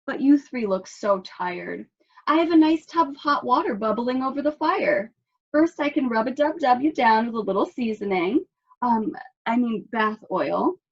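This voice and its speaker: A woman putting on a sly, hungry male wolf from a storybook, all oily charm and quiet menace. The voice sits somewhat high and comes through a dull, lo-fi recording. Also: animated, moderate pace, gravelly, husky, heavily acted.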